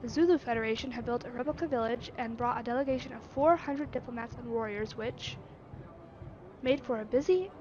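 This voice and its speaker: A woman streamer reading a text adventure game aloud, with expressive narration and musing asides. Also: a little high, a little fast. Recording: slightly dull lo-fi with faint noise.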